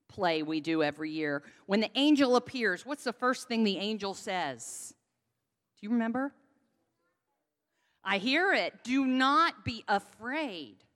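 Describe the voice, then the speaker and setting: A woman giving a children's sermon into a handheld microphone in a church sanctuary, leading the congregation in call-and-response. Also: medium pitch. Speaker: pastor giving a children's message. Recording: long church reverb.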